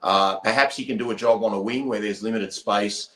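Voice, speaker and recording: A man's voice: on the low side, steady tone, a little fast, fairly bright tone, echoey room. An Australian man hosting a casual fan podcast, blunt and matey in his talk. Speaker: podcast host.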